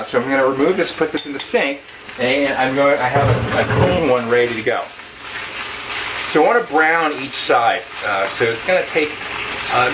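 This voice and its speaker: Rambling man cooking over a sizzling pan. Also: medium pitch. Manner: rambling, jokey, with sing-song filler humming. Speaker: home cooking video host. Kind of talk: casual cooking demonstration. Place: home kitchen. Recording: home kitchen with frying noise.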